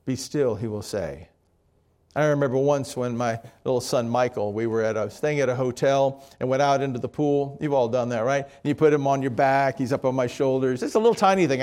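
A middle-aged man preaching a sermon as pastor, telling stories with frequent restarts, his voice rising for emphasis and dropping low on key points. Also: fairly quick, a little mellow.

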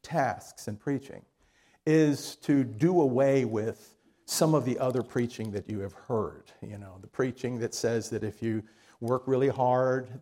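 A man's voice: mid-range voice, measured pace, dark tone. A man preaching a sermon, telling a story in a folksy way and acting out its dialogue with frequent restarts.

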